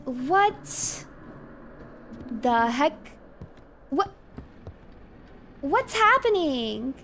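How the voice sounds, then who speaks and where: A woman's voice: sits high, big pitch swings, very slow, a bit bright, slight background noise. A young woman streaming a game, chatting casually and exclaiming in flustered bursts.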